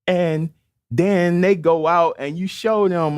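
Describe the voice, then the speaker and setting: A man's voice: sits high, steady tone, slow pace, clear, resonant tone, no echo, studio quality. A man preaching a sermon in an emphatic, conversational way, repeatedly calling out to the congregation, with a Baltimore accent.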